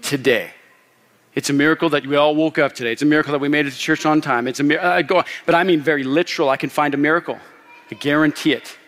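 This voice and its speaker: Thirties male pastor, sermon, animated storyteller, somewhat high voice, long church reverb. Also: fast. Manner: storytelling, animated, laughs often. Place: church sanctuary.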